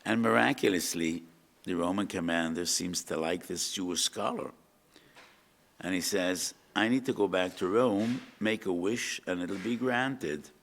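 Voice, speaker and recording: An older man giving a rabbinic lecture, telling stories, quoting Hebrew texts and asking his listeners questions. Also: sits low. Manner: storytelling, asks the audience questions, mixes in Hebrew quotes. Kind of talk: lecture to an audience.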